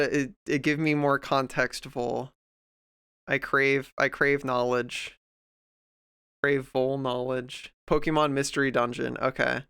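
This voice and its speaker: A man's voice: medium pitch, creaky, sharp tone, clean tone, dry recording. A man streamer chatting casually while he draws, rambling and heartfelt, full of fillers and restarts, close to the mic at home. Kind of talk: casual livestream chat while drawing.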